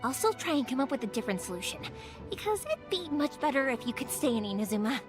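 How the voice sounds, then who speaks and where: A woman's voice: high-pitched, big pitch swings, quick pace, over music. A woman voicing an upbeat, helpful young woman shopkeeper in a game, talking in a reassuring way. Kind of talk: game voice acting.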